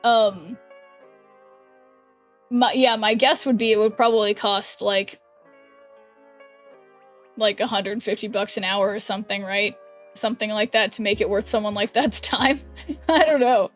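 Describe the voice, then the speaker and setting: A woman's voice: medium pitch, steady tone, measured pace, long pauses, soft background music. A young adult woman streaming and chatting casually with her viewers, rambling with lots of fillers and self-corrections. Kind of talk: casual chat while gaming, reading chat aloud.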